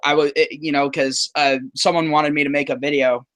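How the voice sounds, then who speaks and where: A man's voice: on the high side, flat delivery, brisk, fairly bright tone. A man from the southern United States hosting a casual livestream chat over a call, joking and profane, with lots of stammered restarts. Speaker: YouTuber. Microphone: call microphone.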